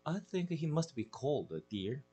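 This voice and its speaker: A man's voice: on the high side, animated, a little slow, warm tone, a little hiss or hum, voice pushed up. A man with a Korean accent voicing a doting mother who coos at the family cat in a sing-song way. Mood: gentle. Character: fussy doting mother of the household.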